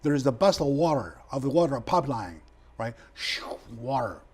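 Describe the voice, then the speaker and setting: A man hosting a discussion show, telling stories with emotional, excitable bursts and repeating words for emphasis. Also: normal speed, breathy edge. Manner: animated, emotional retelling with sudden loud raised pitch; non-native phrasing, repeats words for emphasis. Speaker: talk show host.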